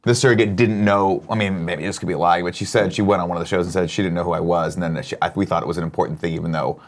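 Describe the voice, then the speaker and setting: A man's voice: low voice, very fast. A man hosting a casual chat show, joking around and reading viewer comments aloud. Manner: animated, jokey, reads chat comments aloud. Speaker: host.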